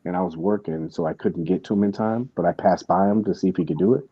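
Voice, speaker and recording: A man's voice: sits low, fast talker, slightly rough, no echo, dull audio. A man hosting a podcast, telling a story in casual chat, with lots of restarts and asides. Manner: rambling storytelling with many restarts. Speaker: podcast host.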